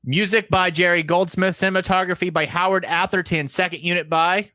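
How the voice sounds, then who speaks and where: A man's voice: high voice, steady tone, a little fast, pushed and bright, no room sound. A man co-hosting a horror podcast, casually reading off film credits with profane jokes. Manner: profane, jokey. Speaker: podcast co-host.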